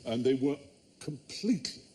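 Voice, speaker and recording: A man's voice: medium pitch, lively intonation, moderate pace, a little mellow. A man hosting a comedy quiz panel show in a TV studio, explaining facts in an erudite, wry way. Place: TV studio with audience.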